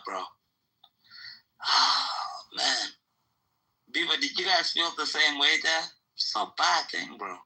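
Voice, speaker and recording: Very bright-voiced man ranting hard. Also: medium pitch, lively intonation, slow pace, creaky, long pauses, rough recording. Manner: heated, profane ranting with lots of repetition. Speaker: podcast host. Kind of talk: casual chat.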